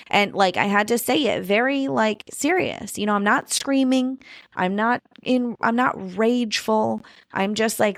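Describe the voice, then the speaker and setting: A woman's voice: on the high side, measured pace, vocal fry, no room sound, clean studio sound. A woman in her thirties hosting a parenting podcast, talking casually and filling her speech with "you know" and "like". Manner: chatty, frequent fillers like "you know" and "like". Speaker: podcast host. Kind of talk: casual conversational interview.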